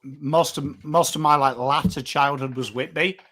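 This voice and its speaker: A chatty man in his thirties speaks with a northern English accent, his voice sitting a little high with a bright, forward edge. He rambles casually to viewers on a live stream, reading out names from the chat and dropping the odd swear word. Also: steady tone, a little slow. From England. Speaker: watchalong host.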